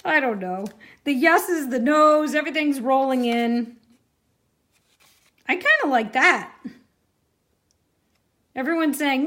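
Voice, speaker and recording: A woman with a fairly high voice leads a live-streamed card-making class. She talks in a chatty, easygoing way and keeps reacting to viewer comments as she works. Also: expressive, takes it slowly, pauses often, a bit bright.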